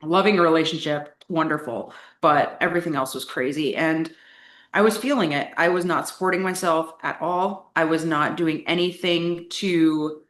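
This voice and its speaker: A woman's voice: low-pitched, normal speed, fairly bright tone. Candid young woman in an echoey room. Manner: candid, chatty, frequent "like" fillers. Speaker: coaching client sharing her story. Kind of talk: casual interview talk.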